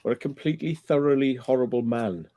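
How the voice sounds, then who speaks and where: A man's voice: mid-range voice, a little fast, warm tone, dry recording. A man hosting a casual late-night livestream chat, telling rambling, profane stories with frequent laughs. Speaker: livestream host.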